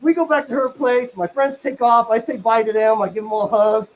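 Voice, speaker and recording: A man telling a crude comic story casually, rambling with lots of fillers and bursting into loud excited outbursts. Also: extremely high pitch, fairly quick, slight background noise. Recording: dull lo-fi sound.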